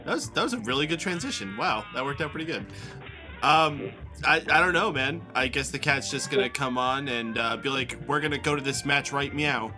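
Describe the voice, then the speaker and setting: A man's voice: medium pitch, lively intonation, brisk, music in the background. A man hosting a podcast, chatting casually and easygoing. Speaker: podcast host. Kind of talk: casual chat.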